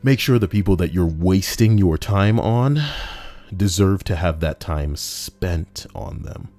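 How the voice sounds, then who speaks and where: A deep-voiced man with a warm tone takes his time reading stories aloud. Between passages, this reader and commentator turns to brash, mocking, profane rants directed at the writer and the listener.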